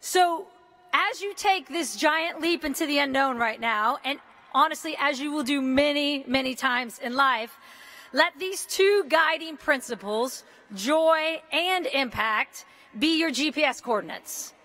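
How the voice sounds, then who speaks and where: High, bright-voiced woman giving a commencement speech. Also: unhurried. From United States. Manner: energetic, casual and joking, with mild swearing. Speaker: commencement speaker. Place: large indoor arena.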